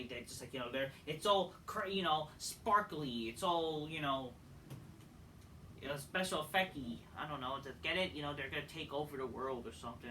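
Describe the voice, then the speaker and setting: Bright-voiced man ranting, profane and exasperated. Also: a little high. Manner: swings from loud outbursts to flat mutters. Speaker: wrestling show reviewer. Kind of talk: ranting solo show review. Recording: distant mic, faint background noise.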